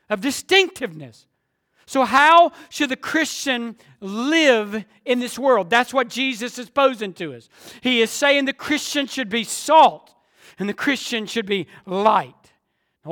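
High-voiced male preacher, emphatic. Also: a bit bright. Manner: preaching with emphatic repetition and drawn-out phrases. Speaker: pastor. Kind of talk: sermon.

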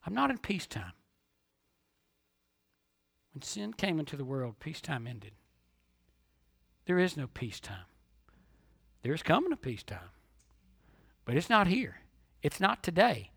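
A man preaching a sermon as a pastor, asking rhetorical questions and swinging between hushed and emphatic delivery. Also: fairly high pitch, sing-song, unhurried, gravelly, pauses often, breathy edge, dry recording, clean studio sound.

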